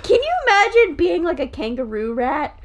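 A woman co-hosting a podcast in casual chat, animated, laughing often and swearing freely. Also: high voice, moderate pace. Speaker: podcast co-host.

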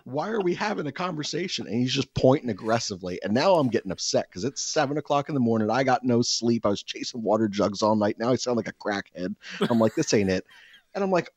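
A man telling a rambling, profane story in casual podcast chat, exasperated and animated. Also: fairly low pitch, quick pace, hardly any pauses, breathy edge, no room sound, dull audio.

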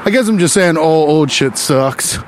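A man hosting a podcast, delivering a rambling, profane comedic monologue with quick asides. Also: fairly high pitch, lively intonation, a little hiss or hum. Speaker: podcast host.

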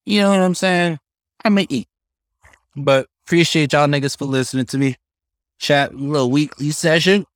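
A young man hosting a casual solo podcast, telling stories in an animated, profane, slang-heavy way. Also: on the high side, moderate pace, no room sound, studio quality. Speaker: podcast host.

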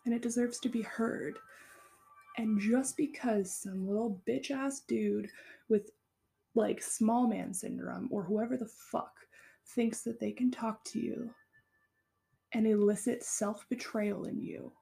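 Gravelly, mellow-voiced young woman podcaster. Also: a little high, faint music behind. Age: 20s. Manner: impassioned and encouraging, swears freely; drops to a soft, slow whisper for tender asides. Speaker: podcast host. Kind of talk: casual solo podcast monologue.

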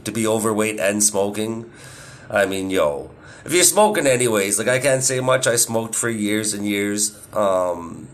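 Foul-mouthed rambling man, low voice. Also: fairly bright tone. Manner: profane, rambling, laughs at own jokes. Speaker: podcast host. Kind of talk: casual monologue.

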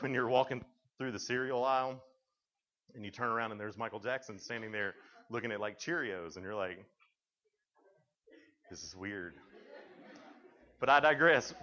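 A young Tennessee man with a Southern accent speaks at a middle pitch, joking his way through stories for a room of students. He slips into the other people's voices as he recounts conversations. The recording is dull and lo-fi. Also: fairly bright tone. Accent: Tennessee Southern American. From Tennessee, USA. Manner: joking storyteller who acts out dialogue. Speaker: youth speaker. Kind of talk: humorous talk to students.

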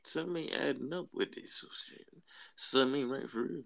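A man's voice: mid-range voice, a little fast, creaky, no room sound, studio quality. A man co-hosting a casual podcast, joking with blunt, profane quips. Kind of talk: casual chat.

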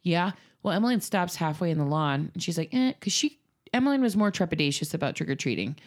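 Thirties woman, lowish voice, chatty and dramatic, lots of "like"s. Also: fast talker. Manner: animated, dramatic retelling with many fillers. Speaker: podcast co-host telling a story. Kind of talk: casual storytelling chat.

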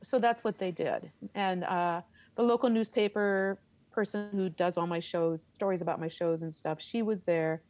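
A middle-aged woman, a theater teacher, telling a story in an interview, animated and laughing as she acts out her reactions. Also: lowish voice, moderate pace, dry recording.

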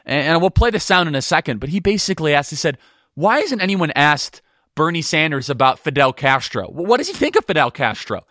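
A man's voice: on the high side, sing-song, fairly bright tone, no echo, studio quality. Emphatic man hosting a political talk show. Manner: emphatic, quick and combative. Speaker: podcast host. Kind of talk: opinionated political commentary.

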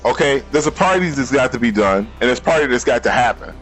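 A man's voice: mid-range voice, expressive, fast talker, a bit bright, soft background music, poor audio. A man co-hosting a podcast, talking bluntly and emphatically in casual movie chat, repeating himself. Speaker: podcast co-host.

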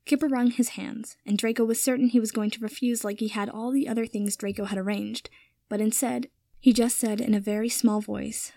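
A woman's voice: fairly high pitch, fairly even intonation, fairly quick, gravelly, warm tone, dry recording. A young woman reading fan fiction aloud, narrating the story and then signing off with chatty, rambling asides. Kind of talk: storybook narration with a casual sign-off.

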